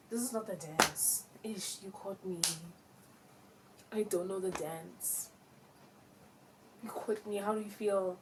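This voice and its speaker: A woman's voice: medium pitch, steady tone, measured pace, long pauses, noisy background. A young woman chatting casually in a vlog, getting exasperated and singing bits of songs between comments. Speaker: vlogger.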